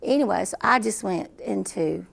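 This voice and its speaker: Middle-aged woman, gravelly, earnest, repeats herself, interview guest. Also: mid-range voice, moderate pace. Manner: earnest, repetitive storytelling. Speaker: guest telling her story. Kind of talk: personal story in an interview.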